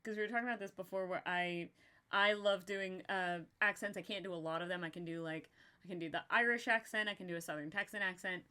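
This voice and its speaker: Young woman, stream host, casual chat, bright voice, swears, laughs often. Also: lowish voice, fast, smooth. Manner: laughing, swearing, animated storyteller. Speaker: podcast host.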